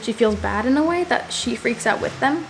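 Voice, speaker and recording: Fairly high-pitched with lively intonation, this young female vlogger speaks at normal speed over soft background music. She rambles casually through a personal story to the camera, leaning heavily on "like."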